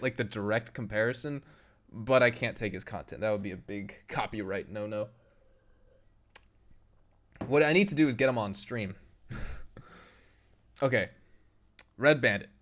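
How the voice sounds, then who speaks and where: A young man streams a game live and chats easily with his viewers. He talks at an average pitch in a loose, bantering way. He laughs often as he answers comments from the chat. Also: a bit bright. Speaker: gaming streamer.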